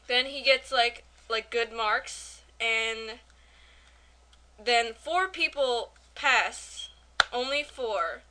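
A woman co-hosting a podcast, chatting casually and retelling an anime plot in a rambling, animated way with voiced quotes. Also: high voice, noisy background. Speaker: podcast co-host. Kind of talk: casual anime review chat.

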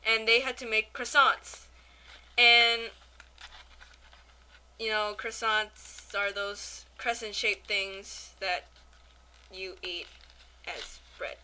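A woman co-hosting a podcast, chatting casually and retelling an anime plot in a rambling, animated way with voiced quotes. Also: mid-range voice, slow, pauses often. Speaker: podcast co-host. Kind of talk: casual anime review chat.

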